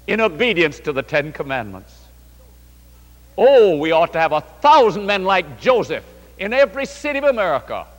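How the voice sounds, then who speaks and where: A man's voice: high-pitched, big-room sound. A man preaching a sermon, telling stories and speaking directly to the congregation. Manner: animated storytelling, addresses the congregation.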